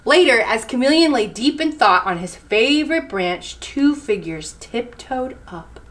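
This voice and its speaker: Bright, lively woman reading aloud. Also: on the high side, unhurried. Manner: animated, expressive. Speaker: children's librarian. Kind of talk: children's story time reading.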